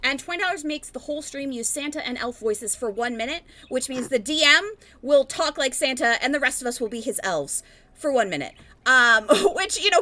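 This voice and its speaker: Bright-voiced chatty woman host. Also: high voice. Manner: chatty, rambling with fillers. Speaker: stream host. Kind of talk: casual stream announcements.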